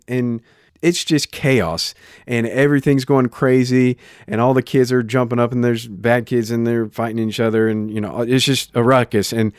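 A man preaching a sermon in a conversational way, retelling stories with lively restarts into a microphone. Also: mid-range voice, no echo, studio quality. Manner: conversational, animated storytelling with frequent restarts. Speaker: pastor.

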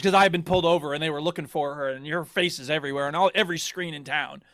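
A man co-hosting a podcast, ranting in casual chat with animated exasperation and plenty of swearing. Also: fairly high pitch, rapid-fire, dry recording, clean studio sound. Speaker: podcast co-host.

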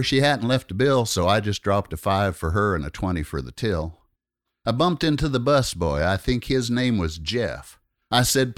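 A man's voice: on the low side, no echo, clean studio sound. Man reciting a wry rhyming story. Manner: wry, rhythmic storytelling delivery. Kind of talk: reciting a rhyming narrative poem.

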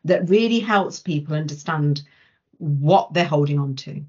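A woman guest on a podcast, telling coaching stories in an animated way with many restarts. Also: low-pitched, a little slow, slightly rough. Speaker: coaching guest, change manager. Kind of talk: conversational podcast interview. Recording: dull lo-fi podcast audio.

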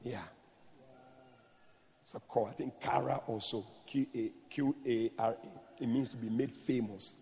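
A man preaching a sermon emphatically, moving from soft explanation to shouted blessings. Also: mid-range voice, steady tone, a little slow, vocal fry, big-room sound.

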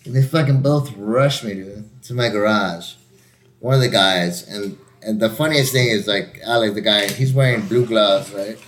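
A man telling a rowdy story in casual chat, swearing constantly and jumping into louder, higher voices to act out what people said. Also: moderate pace. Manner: profane, animated, acts out quotes in raised voices.

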